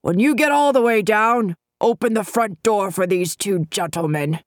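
A woman voices a stern, frail old man with a long beard who speaks testily, thunders when angered, and sounds weary. She pitches above her own voice, though it stays close to an everyday one, mid-range at a normal speed. The recording is dry and studio quality.

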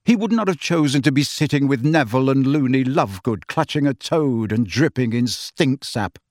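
A man narrates an audiobook with a measured, expressive storytelling delivery. His pitch moves a lot, rising and falling through each sentence. The sound is dry and close. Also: dry recording.

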